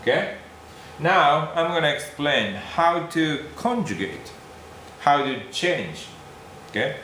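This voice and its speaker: Slow-spoken teacher in a very echoey room. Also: male voice, on the high side, big pitch swings, sharp tone. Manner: slow, repeats syllables, checks in with "okay?". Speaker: Japanese language teacher. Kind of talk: classroom lesson. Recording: very echoey room with faint noise.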